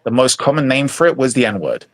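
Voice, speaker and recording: Male podcast guest, mid-pitched, halting explainer, dry sound. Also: very animated, no echo. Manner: explaining at length, hesitant restarts. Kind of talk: casual podcast discussion.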